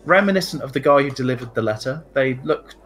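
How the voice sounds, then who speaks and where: A man narrating a tabletop game as dungeon master, relaxed and descriptive with small fillers. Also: mid-range voice, fast talker, low-quality recording.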